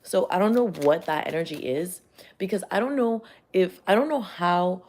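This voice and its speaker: Woman vlogger, low voice, loose profane rambling, tarot reading. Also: normal speed. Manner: rambling, profane, animated storytelling. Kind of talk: casual chat.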